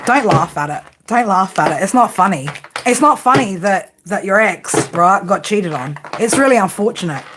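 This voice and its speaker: A woman's voice: mid-range voice, expressive, moderate pace, noisy background. An Australian woman giving a casual tarot reading to her viewers, blunt, teasing and heavily profane. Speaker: tarot reader.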